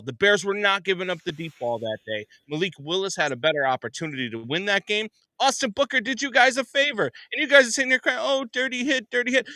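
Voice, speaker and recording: A man's voice: sits high, bright, forceful tone, no echo. A man from Chicago delivering a heated, mocking sports rant as a co-host. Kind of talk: ranting sports opinion.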